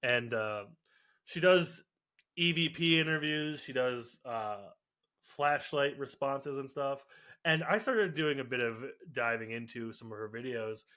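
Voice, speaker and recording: A man's voice: mid-range voice, lively intonation, unhurried, pushed and bright. A young man co-hosting a podcast in casual chat, rambling with lots of fillers and frequent laughs. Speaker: podcast co-host.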